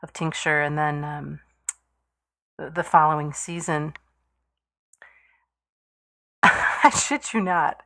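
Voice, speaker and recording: A woman in a casual conversation, telling a personal story haltingly with many pauses and fillers and laughing easily. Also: sits low, steady tone, bright, forceful tone. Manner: hesitant, with many fillers and restarts, quick to laugh.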